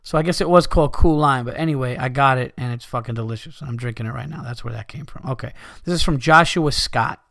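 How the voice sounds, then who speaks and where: Give me a man hosting a podcast, reading listener emails aloud and cursing often with animated storytelling. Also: mid-range voice, fast, gravelly, few pauses, no echo, clean studio sound. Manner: profane, laughing, animated storyteller. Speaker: podcast host.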